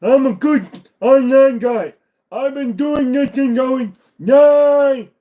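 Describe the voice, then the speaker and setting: Man voicing a dim-witted goofy online guy, high and drawling, simple-minded. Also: slow pace, warm tone.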